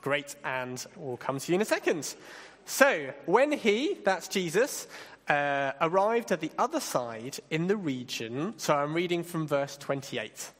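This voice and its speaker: A man leading an interactive Bible talk, playful and directing volunteers with quick asides. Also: on the high side, sing-song, a bit bright, big-room sound. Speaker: church leader giving a talk.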